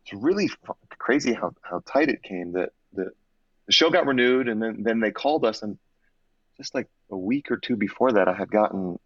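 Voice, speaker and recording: A male actor tells stories from his career in a chatty interview. He is animated and expressive, doubling back on phrases as he goes, and laughs easily. The recording is dry and a little muffled. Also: on the low side, moderate pace, breathy edge, no echo. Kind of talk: conversational interview storytelling. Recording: slightly dull, dry audio.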